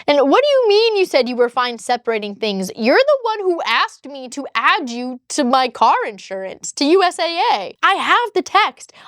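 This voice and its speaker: A woman with a high-pitched voice tells her story in a casual vlog, heated and exasperated as she reads out text messages. Her voice sits close and dry, with no room sound around it. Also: fairly bright tone, no room sound. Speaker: vlogger telling her divorce story.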